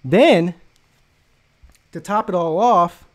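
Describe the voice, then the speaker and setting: A man's voice: sits high, slow pace. A man hosting a casual sports talk stream, telling a story in a profane, mocking way.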